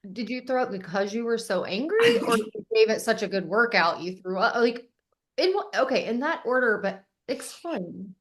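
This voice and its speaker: A woman's voice: fairly high pitch, sing-song, normal speed. A woman co-hosts a casual podcast. She answers her friend thoughtfully and reassuringly, weighing her words as she talks. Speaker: podcast co-host. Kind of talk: casual chat.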